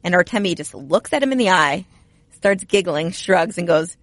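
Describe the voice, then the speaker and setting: A woman's voice: fairly low pitch, moderate pace, no echo. Chatty woman, dry close sound. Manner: chatty, animated storyteller. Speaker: hockey podcast co-host. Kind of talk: casual sports chat.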